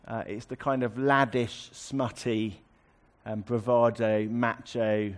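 A man's voice: medium pitch, little pitch movement, takes it slowly. A man preaching a sermon, explaining a scripture passage in a conversational way with wry asides.

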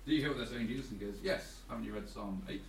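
Low-voiced guy answering from across an echoey room, kinda noisy. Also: rapid-fire, gravelly. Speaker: group member. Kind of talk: answering in a Bible study. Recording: distant, roomy, noisy room mic.

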